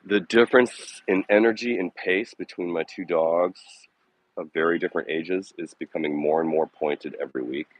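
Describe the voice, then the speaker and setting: A man's voice: low voice, normal speed. A man live-streaming while walking his dogs outdoors, talking casually and bluntly, with sarcasm and frequent swearing. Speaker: vlogger live-streaming a dog walk. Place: outdoors on a city walking path.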